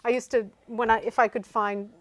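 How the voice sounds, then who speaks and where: A woman's voice: on the high side, fairly even intonation, a little fast, no echo. Chatty woman with a dry studio sound. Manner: chatty, many fillers and restarts. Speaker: bookstore guest showing cookbooks. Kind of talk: casual chat. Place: local community TV studio.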